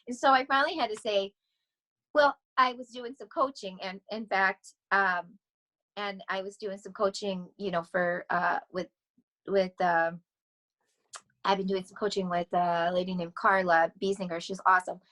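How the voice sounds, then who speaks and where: A middle-aged woman talking casually as a podcast guest, rambling and animated, often laughing as she speaks. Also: mid-range voice, normal speed, poor audio. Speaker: podcast guest, vocal coach. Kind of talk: casual interview chat.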